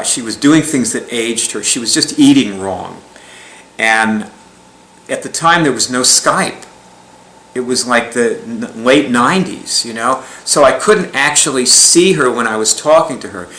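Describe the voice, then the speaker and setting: A man tells a story in a casual, rambling way, with a bright, forceful tone. He chuckles often and restarts his sentences as he goes. The sound rings in a roomy, echoey space. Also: mid-range voice, slight background noise. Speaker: speaker recounting a client story. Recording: echoey room.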